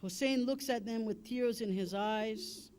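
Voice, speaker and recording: A man's voice: high-pitched, measured pace, a little mellow, smooth. A man preaching a Muharram sermon and elegy, impassioned and building to a wailing lament, with chanted Arabic recitation.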